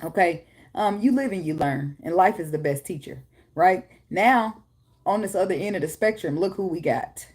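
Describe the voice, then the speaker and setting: Husky, blunt, profane woman tarot reader. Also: lowish voice, lively intonation, normal speed, darkish tone. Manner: blunt, profane and laughing, breaks into snatches of song. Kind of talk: casual spiritual reading. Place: home, with a daughter nearby.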